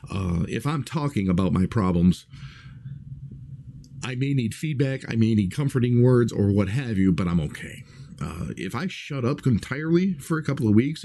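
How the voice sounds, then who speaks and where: A man's voice: fairly low pitch, gravelly, mellow. A man talking casually to his livestream viewers, earnest and rambling, with many fillers and restarts. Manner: earnest, reflective.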